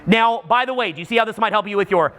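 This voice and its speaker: Animated, high, bright-voiced Canadian man. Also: quick pace. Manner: animated, acts out what people say, frequent restarts. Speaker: seminar speaker. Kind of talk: live seminar talk to an audience.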